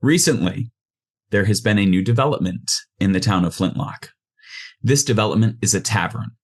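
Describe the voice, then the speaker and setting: A man narrating a tabletop game as game master, relaxed and loose, with frequent ums. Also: fairly low pitch, normal speed, breathy edge.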